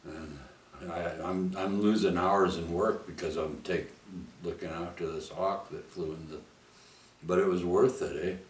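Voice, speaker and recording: A man's voice: low-pitched, steady tone, unhurried, recorded from a distance. A man telling a personal story in a casual, rambling way, tagging his sentences with "eh?" and "right?". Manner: rambling, with frequent "eh?" and "right?" tags. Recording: echoey room, off the mic.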